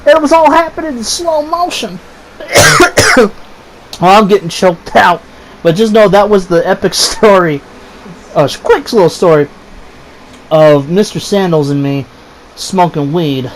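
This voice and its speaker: A man in his thirties telling a story in a casual, profane, animated way, swearing freely and acting out his friends' voices. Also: high voice, a little slow, long pauses, noisy background.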